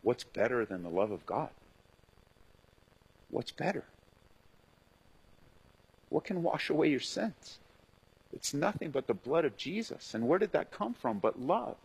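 A husky middle-aged man preaches with a lively, up-and-down delivery. He sits a little high in his register and slips into the voices of the people he quotes as he goes. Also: unhurried, long pauses, low-quality recording. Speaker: pastor. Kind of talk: sermon.

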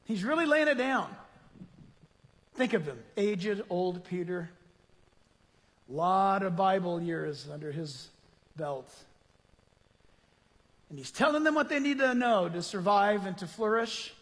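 A male pastor preaching a sermon in an animated, conversational way, full of rhetorical questions. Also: sits high, slow, long pauses. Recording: long hall reverb.

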